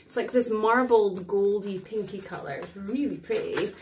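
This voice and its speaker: A woman's voice: medium pitch, expressive, normal speed, far from the mic, slight background noise. A woman with a Scottish accent chatting casually through a beauty product review as a vlogger. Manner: chatty, rambling, with fillers.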